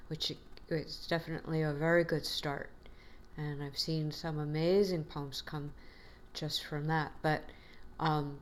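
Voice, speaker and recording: A woman teacher giving a classroom lecture in a patient, encouraging way, with frequent fillers. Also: sits low.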